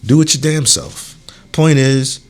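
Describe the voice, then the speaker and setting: A man's voice: medium pitch, animated, measured pace, soft background music. Laid-back man riffing on a solo podcast. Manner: loose and conversational, repeats "you know what I'm saying"; swears freely, heated then warm and encouraging. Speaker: podcast host. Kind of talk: casual solo monologue.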